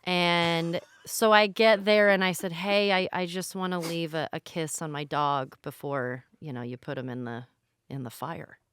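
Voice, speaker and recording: Brief: woman, thirties, podcast co-host; smooth clean tone, very dry close studio sound, rambling and self-deprecating. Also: fairly low pitch, steady tone, unhurried, a bit bright, no room sound. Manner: candid, rambling, self-deprecating storytelling with many restarts. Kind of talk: casual storytelling chat.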